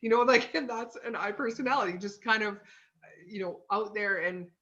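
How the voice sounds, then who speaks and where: Chatty and full of fillers and "okay?" prompts, a sales consultant teaches personality types in a casual lesson from her home office. She talks at a moderate pace in a medium-pitched, fairly bright voice, with lo-fi sound.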